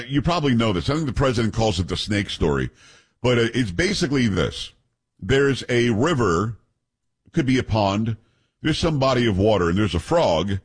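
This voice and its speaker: A man's voice: medium pitch, breathy edge. A man hosting a political call-in radio show, talking emphatically and retelling stories with quoted voices. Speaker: radio talk show host.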